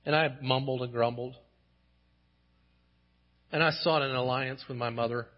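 A man's voice: mid-range voice, fairly even intonation, unhurried, highs cut off. A man preaching a sermon as pastor, earnest and building to impassioned emphasis when he quotes scripture.

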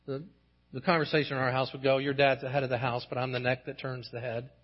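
Man, pastor, sermon, earnest, impassioned emphasis, husky tone, muffled lo-fi audio. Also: medium pitch, flat delivery, fast. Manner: earnest, rising to impassioned emphasis when quoting scripture.

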